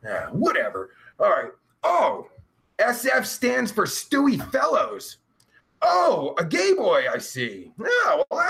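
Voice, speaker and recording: Brash, gravelly-voiced male streamer. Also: sits high. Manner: profane, brash, loud outbursts. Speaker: live stream host. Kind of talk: casual live stream, reading chat aloud.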